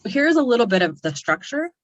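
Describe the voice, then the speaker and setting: A woman's voice: a little high, dry recording, highs cut off. A woman giving an earnest webinar presentation on a video call, talking loosely with many "um" and "kind of" fillers. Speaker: co-op developer presenting.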